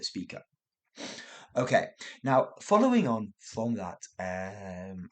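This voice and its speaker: A man giving a casual spoken English lesson, chatty and often correcting himself as he explains. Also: fairly low pitch. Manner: chatty, self-correcting, lively intonation. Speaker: English teacher.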